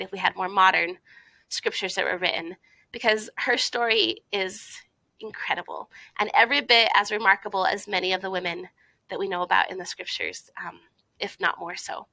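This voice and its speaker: Chatty woman with a bright, gravelly voice. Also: medium pitch, steady tone, moderate pace, no room sound, poor audio. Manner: chatty, lots of fillers and asides. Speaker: youth conference speaker. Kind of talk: informal recorded presentation.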